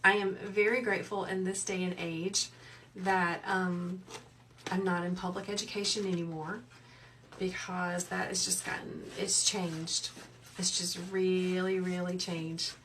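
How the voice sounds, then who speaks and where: A woman, hosting a live wreath-making tutorial in a soft, soothing, chatty way while she reads out viewers' comments. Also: fairly low pitch, flat delivery, a little slow, distant mic, slight background noise. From South Carolina. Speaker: wreath maker and livestream host. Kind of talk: live craft tutorial chat.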